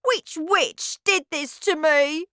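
A shrill, loud young boy stuck in a mouse's body, greedy and quick to shout, as a woman puts him on in a storybook reading. His high voice swings wildly and drags out each word. The sound is close and dry. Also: big pitch swings, dry recording, heavily acted. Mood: panicked. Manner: shouting, whiny and indignant.

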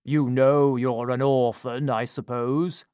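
A man voicing a stern, pompous older gentleman who scolds loudly in a storybook reading. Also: mid-range voice, level tone, slow, clean tone, dry recording, studio quality, natural voice. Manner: loud and scolding.

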